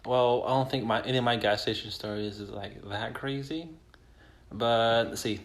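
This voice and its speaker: A man's voice: mid-range voice, fairly even intonation, moderate pace. A man co-hosting a podcast, chatting casually in an easygoing way with many ums and restarts. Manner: easygoing, hesitant, many fillers. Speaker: podcast co-host. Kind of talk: casual chat.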